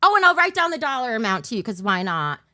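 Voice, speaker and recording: A woman streamer chatting to her viewers, overtired and scattered, always losing her thread. Her voice sits a touch high and leaps up and down all over the place. The sound is dry and close, with no room around it. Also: big pitch swings, fast, bright, forceful tone, no room sound. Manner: scattered, rambling, loses her train of thought; bursts into a mock auctioneer patter. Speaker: livestream host. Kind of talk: casual livestream chat.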